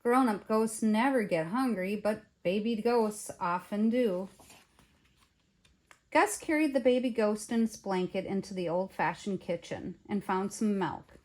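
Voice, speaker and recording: An older woman, a grandmother, reading a children's picture book aloud in an expressive way. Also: mid-range voice, unhurried. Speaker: storyteller.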